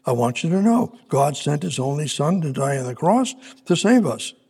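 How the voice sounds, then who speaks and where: A man delivers a sermon in a loose, conversational way, often restarting his sentences as he reads scripture aloud. His voice is gravelly and husky and sits a little above the usual male pitch. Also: big pitch swings, moderate pace, darkish tone. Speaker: preacher.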